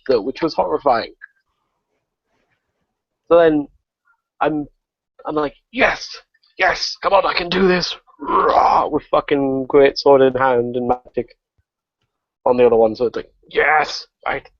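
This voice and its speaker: Man, gaming podcast guest, profane, excitable, laughing, dry dull lo-fi sound. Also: mid-range voice, no echo. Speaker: guest gamer. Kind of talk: casual podcast chat.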